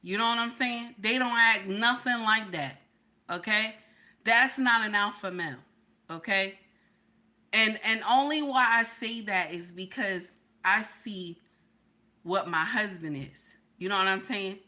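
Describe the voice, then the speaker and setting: Emphatic woman with a bright voice. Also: mid-range voice, a little slow. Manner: emphatic, repeats lines, talks to chat. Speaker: livestream reaction host. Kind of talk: casual livestream commentary.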